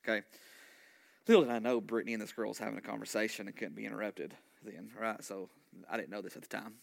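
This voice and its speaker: A man, a pastor telling a story in a sermon, animated and conversational, full of asides. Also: fairly low pitch, quick pace, vocal fry.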